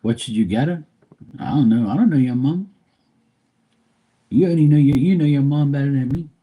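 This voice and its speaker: A man's voice: medium pitch, brisk, dark tone, husky. A man hosting a live stream, chatting casually with viewers in a blunt, profane, rambling way. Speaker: livestream host.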